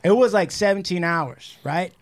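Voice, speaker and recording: A man's voice: high voice, normal speed. A man co-hosting a comedy podcast, joking and telling stories with "listen, let me tell you" asides. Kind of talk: casual podcast banter.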